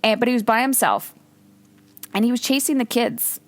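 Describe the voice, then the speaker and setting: A woman podcast host telling a personal story in a casual way. She jumps high when she quotes her own exclamations and swears freely. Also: fairly even intonation, normal speed, no room sound.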